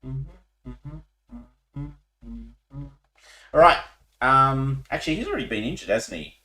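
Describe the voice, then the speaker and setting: A man's voice: mid-range voice, measured pace, soft background music. Man running a war game, roomy. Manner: relaxed, rule-explaining, many ums. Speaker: game master.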